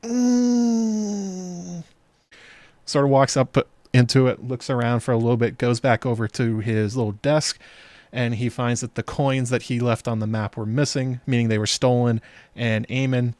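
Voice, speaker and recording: This man hosts a channel breaking down TV episodes, speaking in a mid-range, somewhat dark voice on a dry recording. His commentary is casual, chatty and sarcastic, and he laughs at the scenes.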